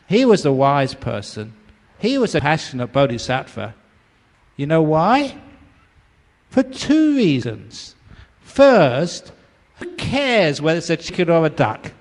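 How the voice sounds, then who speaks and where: An older man from England giving a dharma talk, storytelling playfully and laughing often. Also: mid-range voice. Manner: playful, laughs often, acts out voices in stories. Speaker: meditation teacher. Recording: long reverb of a hall.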